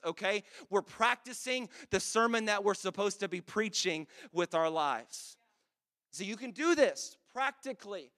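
High-voiced chatty pastor man. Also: pushed and bright. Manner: casual, conversational, joking asides. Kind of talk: sermon.

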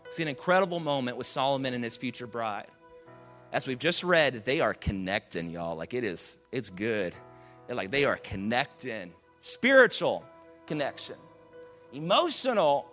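A male pastor preaching a sermon to a live congregation, building to loud emphatic peaks and dropping low and quiet, with soft music behind. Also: normal speed. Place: church auditorium with live audience.

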